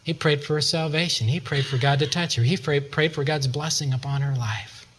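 Higher-voiced man preaching a story. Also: brisk, fairly bright tone, breathy edge. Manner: acts out voices in a retold story, chuckles at times. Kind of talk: sermon storytelling.

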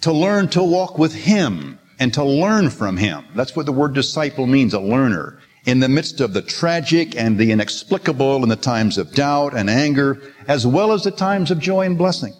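A man's voice: medium pitch, sing-song, moderate pace, hardly any pauses. An older man preaching a sermon in an earnest, storytelling manner, quoting scripture with emphasis. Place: church sanctuary. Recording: long reverb of a large hall.

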